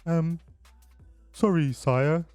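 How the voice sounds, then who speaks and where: A man's voice: on the high side, extremely slow, a little mellow, dry recording, soft background music. A man voicing a sheepish young male racing driver who apologizes hesitantly with lots of ums.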